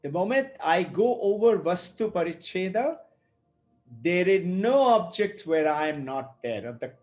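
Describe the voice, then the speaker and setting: A man's voice: fairly high pitch, darkish tone. A man teaching scripture, telling stories and acting out the people in them. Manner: storytelling, acts out quoted speakers. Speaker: spiritual teacher. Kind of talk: explanatory talk on scripture.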